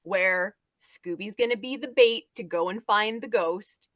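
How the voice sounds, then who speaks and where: Bright-voiced woman chatting on a podcast. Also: measured pace, no echo, lo-fi sound. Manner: enthusiastic, acts out cartoon lines in higher voices. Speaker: podcast panelist. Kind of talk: casual podcast chat.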